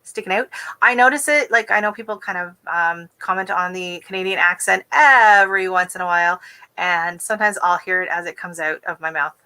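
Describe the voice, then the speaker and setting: A woman from the West Coast of the United States hosting a casual gardening livestream, talking quickly and chattily with easy giggles. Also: fairly low pitch, bright, forceful tone, clean tone, rough recording. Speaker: gardening channel host.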